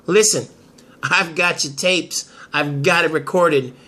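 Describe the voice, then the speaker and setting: A man voicing a confident woman lawyer in an amateur soap drama, making firm, drawn-out threats. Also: a little high, bright, forceful tone, heavily acted. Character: sharp, confident woman lawyer, cornering a blackmail target.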